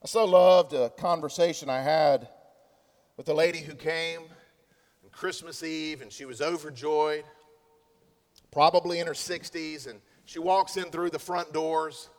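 Slow-preaching pastor in an echoing hall. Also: male voice, on the high side, fairly even intonation. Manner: emphatic preaching, rising and falling between loud stresses and hushed asides. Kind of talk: sermon. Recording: long hall reverb.

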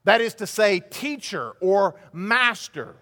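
A man preaching a sermon in an emphatic manner, swinging from loud passages to hushed ones. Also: high voice, very animated, takes it slowly. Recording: hall reverb.

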